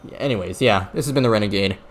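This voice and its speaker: A man streams a video game, offering casual, rambling commentary full of restarts and stumbles. He talks rapid-fire in a fairly low voice over soft background music.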